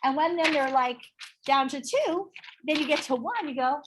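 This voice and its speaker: A middle-aged woman teaching a live real estate sales class, animated and often checking in with her listeners. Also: high-pitched, moderate pace, background noise. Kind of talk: live training talk to a class.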